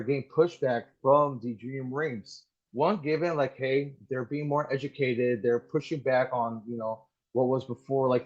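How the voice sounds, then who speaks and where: A man in his thirties, an active-duty Marine guest, telling stories in a casual podcast interview, swearing often and leaning on "like" and "dude". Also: medium pitch. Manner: animated storytelling, heavy swearing, lots of "like" and "dude". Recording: muffled, dull audio.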